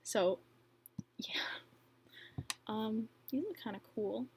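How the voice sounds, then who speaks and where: A woman's voice: fairly high pitch, slow, slightly rough, no echo. A young woman hosting a casual livestream, reading viewer questions and answering in a chatty, filler-heavy way with frequent laughs. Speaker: livestream host and bracelet maker.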